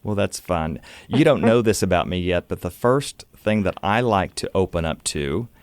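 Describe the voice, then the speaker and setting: A man with a Southern American accent hosts a radio interview in a relaxed, folksy way. His voice sits a little low. The studio sound is dry and close. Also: moderate pace, no echo. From Oklahoma. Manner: conversational, folksy. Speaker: radio host.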